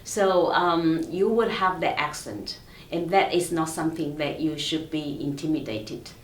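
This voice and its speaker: A soft, measured woman speaking English with a non-native accent as a professor on a panel. Her voice is very low for a woman and sounds distant in a roomy space, with faint noise behind. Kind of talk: panel discussion.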